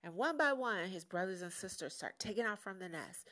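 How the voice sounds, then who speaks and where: A woman's voice: mid-range voice, lively intonation, brisk, hardly any pauses, a bit bright. A woman hosting her own podcast in a casual, candid solo monologue that turns motivational. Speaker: podcast host.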